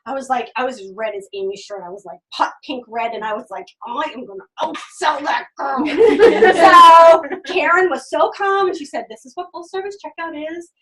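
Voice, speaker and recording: A middle-aged woman with a high voice tells her personal story with lively energy. She acts out the voices of the people she met and laughs often along the way. She sounds a little distant from the microphone. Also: normal speed, few pauses. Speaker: direct sales consultant telling her story.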